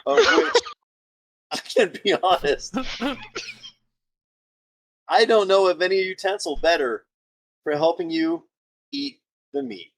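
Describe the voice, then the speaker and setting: A woman's voice: on the low side, expressive, slow, long pauses. A woman player giving a mock-grand in-character speech during a tabletop game. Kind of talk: in-character tabletop role-play.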